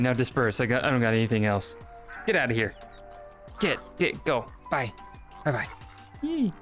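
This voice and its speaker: Playful, giggly male streamer. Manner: playful and excitable, giggly, big pitch jumps. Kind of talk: casual live-stream chat while gaming.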